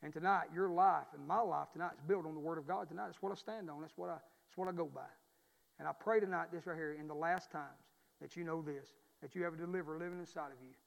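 A man's voice: on the high side, fast, creaky. A male pastor preaching a sermon in a folksy, emphatic way, repeating phrases to drive points home, in a church. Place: church sanctuary. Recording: long reverb of a church hall.

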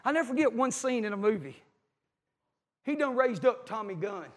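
High-voiced preacher in an echoey hall. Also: male voice, lively intonation, normal speed. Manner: fervent, folksy, calls out to the congregation. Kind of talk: sermon. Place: church with a congregation.

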